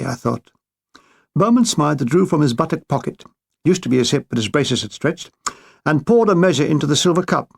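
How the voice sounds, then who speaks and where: Gravelly, deadpan male memoir narrator. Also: fairly high pitch, moderate pace. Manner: dry, deadpan comic delivery. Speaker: author reading his own memoir.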